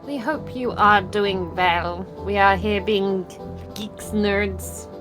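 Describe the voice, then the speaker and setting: A woman's voice: medium pitch, fairly even intonation, takes it slowly, music in the background. A woman hosting a livestreamed tabletop game as game master, chatting casually and laughing often. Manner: giggly, laughs often while talking.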